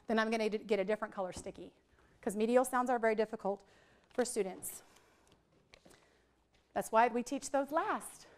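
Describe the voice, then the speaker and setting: A high-voiced woman leads a live workshop for teachers in a training room, joking around with the audience and playfully drawing out letter sounds as she demonstrates literacy techniques.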